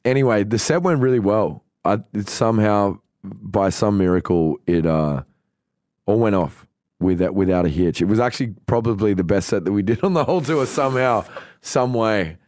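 A man's voice: lowish voice, normal speed, darkish tone, no echo, clean studio sound. An Australian man hosting a podcast, telling a long story in loose, casual speech full of swearing. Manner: loose, swearing, acts out quoted voices. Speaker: podcast host.

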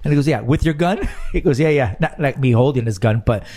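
A man on a podcast telling a story in a casual, animated way, swearing and laughing as he goes. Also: mid-range voice, brisk. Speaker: podcast guest.

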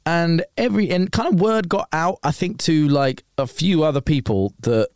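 A young man guesting on a podcast, telling an anecdote in a lively, teasing way. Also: a little high, clean tone, no echo, clean studio sound. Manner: lively, teasing, quick to laugh. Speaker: guest radio presenter. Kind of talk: casual chat.

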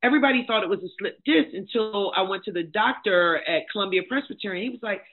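A middle-aged woman, a life coach and motivational speaker, telling her own story as a guest, blunt and emphatic in a candid, animated way. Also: mid-range voice, quick pace. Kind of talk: candid personal storytelling in conversation. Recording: tinny phone-like sound.

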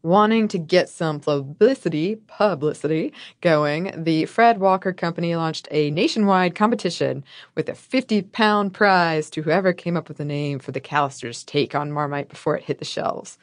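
A woman's voice: low voice, normal speed, dry recording, clean studio sound. A woman co-hosting a podcast, reading a scripted history and trading wry, playful jokes with her co-host. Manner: wry, playful, laughs often. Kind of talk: scripted history storytelling with banter.

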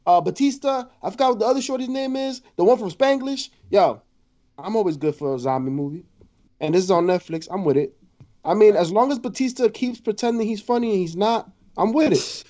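A man's voice: high voice, fairly quick, mellow. A man co-hosting a casual wrestling chat, joking and slangy. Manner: loose, joking, slangy banter. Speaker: podcast co-host.

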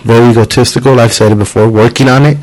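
A man's voice: medium pitch, steady tone, quick pace, darkish tone, rough recording. A man hosting a podcast in casual chat, rambling and cursing freely while acting out the people in his stories. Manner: rambling, swears freely, acts out quotes. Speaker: podcast host.

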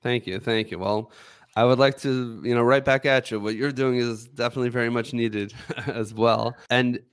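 A man hosting a podcast and interviewing a guest in a measured way, often using filler phrases. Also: mid-range voice, steady tone, smooth, dry recording. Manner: measured, with frequent "you know" fillers. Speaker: podcast host.

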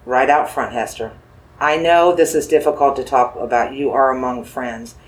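A paranormal investigator gently questioning a spirit with dowsing rods, coaxing and reassuring, repeating phrases and asking slow yes-or-no questions. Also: medium pitch, fairly even intonation.

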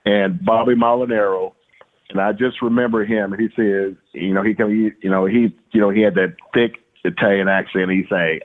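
A middle-aged former baseball player from Louisiana tells stories in a casual interview, his lowish voice level in tone and moderately paced. He rambles, using many fillers and repeated words, over a tinny, phone-like line.

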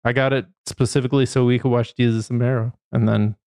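Man, podcast co-host, gravelly, wry, hesitant, dry close sound. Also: medium pitch, little pitch movement, fast talker, a little mellow, no echo. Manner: wry, hesitant with many fillers. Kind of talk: casual chat.

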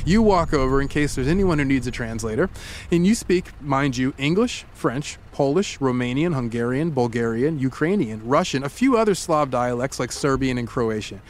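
A man hosting a podcast, telling a story in the second person with playful, dramatic pauses and animated delivery. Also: mid-range voice, slight background noise.

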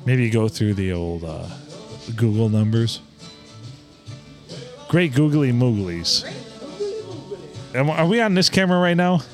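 A man co-hosting a podcast, joking loudly in crude casual banter. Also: mid-range voice, moderate pace, over music. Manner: loud, joking, animated. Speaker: podcast co-host.

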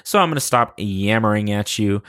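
A man's voice: on the low side, lively intonation, normal speed, fairly bright tone, clean tone. A young man hosting a podcast, chatting casually in a goofy, self-deprecating way. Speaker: podcast host.

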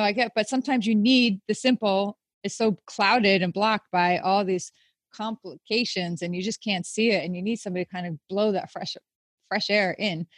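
A woman hosts an interview in a casual, rambling way, with plenty of fillers and restarts. Her voice has a middle pitch and sits dry and close. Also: no room sound. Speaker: interview host.

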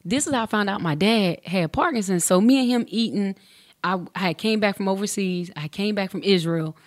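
A woman's voice: mid-range voice, a little fast, dry recording, clean studio sound. A woman in her forties, a former pro basketball player, telling a personal story casually and acting out the dialogue with slang. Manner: animated, acts out dialogue with slang.

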